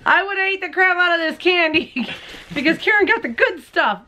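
A woman's voice: very high-pitched, lively intonation, normal speed, pushed and bright. A woman hosting a crochet and knitting show, chatting casually to camera as she opens mail at home, bubbly and gushing and often laughing. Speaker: crochet and knitting podcast host.

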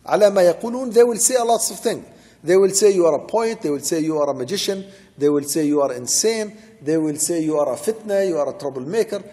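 A man's voice: fairly high pitch, expressive, fairly quick, mellow. A man teaching Quran commentary as a sheikh, reciting short Arabic verses and then explaining them in English, repeating key points for emphasis. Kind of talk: religious lecture explaining verses. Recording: long hall reverb.

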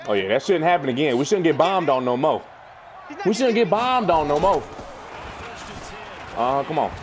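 A man's voice: fairly high pitch, sing-song, moderate pace, background noise. A young man commentating his own football video game match live, hyped and trash-talking. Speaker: gaming YouTuber.

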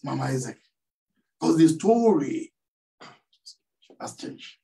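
A middle-aged Nigerian pastor with a Nigerian accent preaches a sermon in church, posing call-and-response questions so the congregation finishes his sentences. His mid-range voice is gravelly and dark, swinging widely in pitch at a slow pace. He sounds somewhat distant from the mic.

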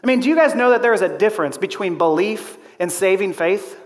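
A man with a fairly high voice preaches to his church, telling a story with lively energy, chuckling along and slipping into the voices of the people in it. His words ring out with a long reverb from the hall. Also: fairly quick. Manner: animated storytelling with laughs and acted-out quotes. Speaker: pastor. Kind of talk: sermon. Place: church auditorium.

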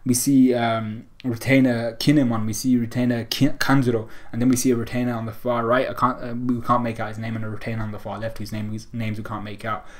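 A man's voice: medium pitch, flat delivery, quick pace, hardly any pauses. A young man casually recapping a comic chapter, rambling with fillers and restarts. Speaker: manga reviewer.

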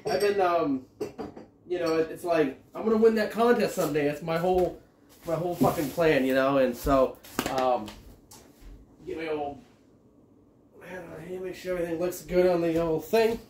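A man rambles through a long story, tripping over his words and swearing freely as he reviews a beer. His voice sits a bit higher than most men's. It sounds distant from the mic, in a roomy, echoing space. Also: normal speed, long pauses, a little mellow, slight background noise. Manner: rambling, stammering, profane storytelling. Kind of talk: casual rambling vlog. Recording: echoey room, distant from mic.

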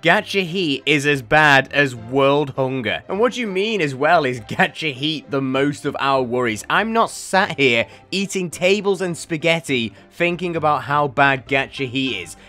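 A man's voice: a little high, expressive, measured pace, hardly any pauses, bright, forceful tone, soft background music. A young man giving sarcastic, mocking reaction commentary as a YouTube host. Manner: sarcastic, mocking, often laughing.

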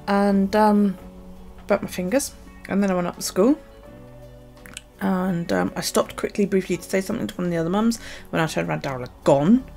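A woman's voice: fairly low pitch, darkish tone. A middle-aged woman, a journaling vlogger, telling stories in a casual, chatty way and swearing freely. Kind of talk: casual chat.

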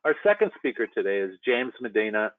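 A man's voice: fairly low pitch, sing-song, brisk, no room sound. A man hosting a trade webinar, introducing speakers in a friendly, rambling way with fillers. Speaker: webinar host. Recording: tinny phone-like audio, dry.

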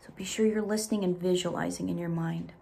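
A woman teacher recording a reading lesson, explaining things deliberately and reading a story aloud. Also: on the low side, fairly even intonation, creaky, mellow, breathy edge. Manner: slow, deliberate, instructive.

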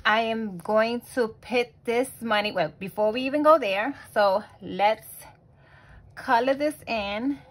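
A young adult woman and mother hosting a budgeting vlog, talking casually with lots of fillers and restarts, and quietly counting money under her breath. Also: fairly high pitch, takes it slowly, low-quality recording. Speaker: budgeting channel host.

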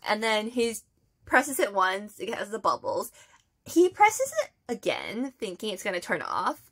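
A young woman vlogging, retelling a story in a chatty, animated way with lots of fillers. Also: medium pitch, unhurried, breathy edge. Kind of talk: casual storytime vlog.

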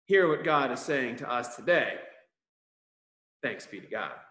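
A man as school chaplain, giving a lively chapel talk to children and acting out the quotes. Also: medium pitch, measured pace. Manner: lively storytelling for kids, acts out quotes. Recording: roomy echo.

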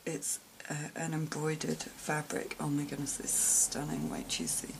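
A woman showing gifts on camera in a casual vlog, gushing with soft exclamations and whispers of awe. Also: deep voice, flat delivery, normal speed, gravelly, background noise. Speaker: vlogger unboxing gifts. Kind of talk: casual show-and-tell unboxing.

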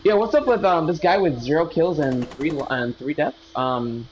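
A young man jokes and swears with friends over a headset while playing a shooter game, calling out enemy positions. His voice is on the high side with a darkish tone, his speed is normal, and the recording is rough.

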